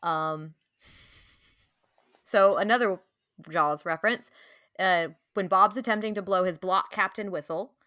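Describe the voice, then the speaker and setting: A woman's voice: mid-range voice, unhurried, pauses often, sharp tone, no echo, clean studio sound. A young woman co-hosting a podcast in casual chat, enthusiastic, laughing often and using many fillers. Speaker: podcast co-host.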